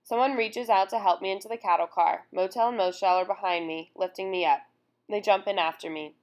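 A woman reading a first-person memoir aloud in a solemn, measured way. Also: mid-range voice. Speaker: audiobook narrator.

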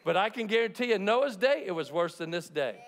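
A man's voice: high-pitched, very animated, a little fast. A man preaching a sermon as pastor, in an emphatic and jokey way, acting out the people he quotes. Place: large church sanctuary. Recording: long reverb of a church hall.

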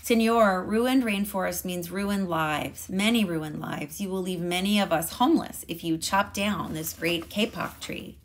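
Woman reading as a squeaky little tree frog. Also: a little slow, hardly any pauses. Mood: pleading. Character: soft-spoken male tree frog, squeaky and pleading. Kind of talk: storybook read-aloud.

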